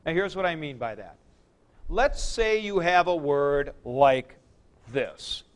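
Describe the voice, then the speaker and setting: A man teaching a class, explaining slowly with fillers and "okay?" checks to the students. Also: fairly high pitch, animated. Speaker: Greek teacher. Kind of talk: classroom lecture.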